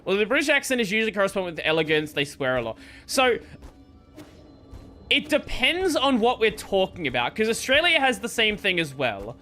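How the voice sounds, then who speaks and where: A gaming streamer chats off the cuff on a casual live stream, talking a little fast in a high, very expressive voice that rises and falls a lot and has a bright, forward tone. He rambles and restarts sentences as he thinks aloud, with soft game music playing underneath.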